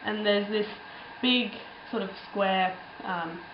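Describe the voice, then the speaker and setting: A woman's voice: mid-range voice, takes it slowly, background noise. Young woman rambling about her trip, lots of ums, roomy slightly muffled sound. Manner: rambling, chatty, frequent ums and laughs. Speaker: travel vlogger. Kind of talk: casual travel storytelling.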